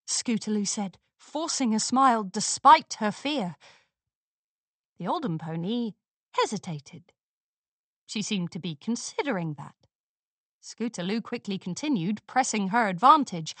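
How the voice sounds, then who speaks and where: A woman reading a storybook aloud, narrating slowly and expressively. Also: medium pitch, animated, fairly bright tone, dry recording. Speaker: story reader.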